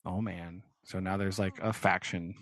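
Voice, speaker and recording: A man's voice: low voice, steady tone, normal speed, fairly bright tone. A young man co-hosting a podcast, recapping a book in a rambling way, full of "like" and "right?". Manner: rambling, filler-heavy, keeps asking "right?". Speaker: podcast co-host. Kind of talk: casual book discussion.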